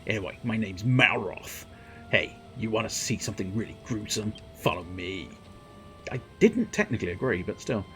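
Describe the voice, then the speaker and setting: A cocky, blunt young male warrior from a video game, read aloud by a man. His lines come out in a low voice, teasing and pushy. A faint hiss sits under the recording. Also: animated, moderate pace, a bit bright. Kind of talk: reading game dialogue aloud.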